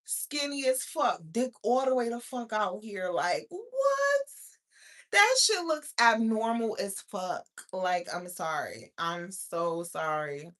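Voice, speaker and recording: Blunt, bright-voiced woman streamer. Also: medium pitch, slow, hardly any pauses. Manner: blunt, profane and animated, talking back to viewers. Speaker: livestream host. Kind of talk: casual live-stream chat.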